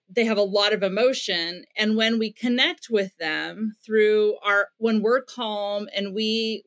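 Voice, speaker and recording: A woman's voice: mid-range voice, fairly bright tone. A middle-aged American woman, a parenting expert, explaining her ideas in an interview with concrete examples and emphatic repetition. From United States. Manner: teacherly, builds points with examples and emphatic repetition.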